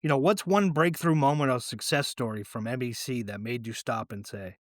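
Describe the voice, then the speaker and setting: A man's voice: medium pitch, fairly quick, no echo, studio quality. Easygoing man hosting a podcast. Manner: relaxed, lots of "you know", affirming "yeah". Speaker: podcast host. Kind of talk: casual podcast interview.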